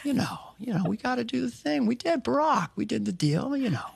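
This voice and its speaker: A man's voice: extremely high pitch, sing-song, fairly quick, vocal fry, husky, heavily acted. A man doing a comedy impression of a rambling elderly male politician who repeats folksy catchphrases, garbles his words and trails into whispers. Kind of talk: comedy impression on a talk show. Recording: TV clip with audience laughter.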